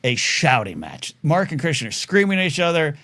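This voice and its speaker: The voice belongs to a middle-aged man hosting a live talk show, a little high and fairly quick. His casual storytelling monologue wanders at length, full of fillers and restarts, as he animatedly acts out quoted voices.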